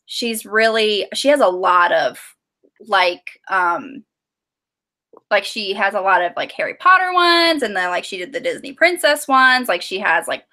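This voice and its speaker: A woman's voice: medium pitch, bright, forceful tone. A woman co-hosting a writing live stream, chatting casually and reading out viewer comments with lots of fillers.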